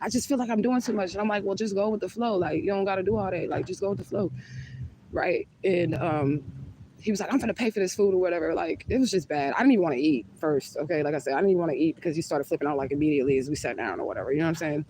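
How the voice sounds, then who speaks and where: A woman's voice: low-pitched, quick pace, warm tone, a little hiss or hum, rough recording. A woman vlogger telling a personal story to her viewers in a candid, chatty way, swearing freely. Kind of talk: casual storytime vlog.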